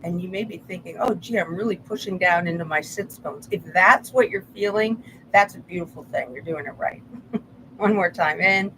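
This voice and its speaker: A woman leading a yoga and movement class, calmly cueing breath and stretches with the odd soft laugh. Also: fairly low pitch, normal speed, background noise. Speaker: yoga instructor. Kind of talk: guided movement instruction.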